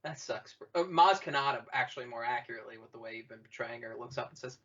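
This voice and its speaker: A man's voice: medium pitch, fast, bright, forceful tone, highs cut off. A man co-hosting a casual comedy podcast, making sarcastic, mock-exasperated remarks laced with swearing. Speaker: podcast co-host.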